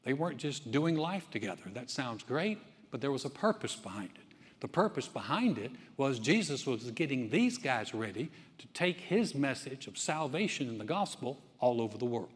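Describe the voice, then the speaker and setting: A man's voice: mid-range voice, big pitch swings, moderate pace. A male pastor giving a sermon, talking conversationally and building to emphatic preaching. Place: church sanctuary. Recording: long hall reverb.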